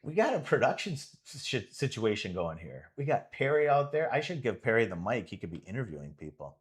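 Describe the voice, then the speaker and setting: A man's voice: mid-range voice, big pitch swings, brisk. A man coaching and commentating a pool match live from his club, enthusiastic and rambling with many restarts.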